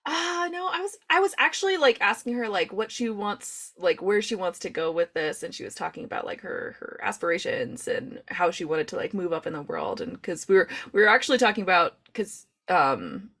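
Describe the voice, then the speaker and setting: A woman co-hosting a podcast in casual chat, talking in a lively way and laughing often. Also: medium pitch, a little fast, hardly any pauses. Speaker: podcast co-host.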